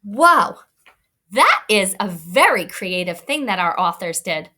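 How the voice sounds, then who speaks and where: A woman's voice: lowish voice, very animated, normal speed, bright, forceful tone. A woman teacher giving a read-aloud lesson to young children, encouraging and thinking aloud as she explains.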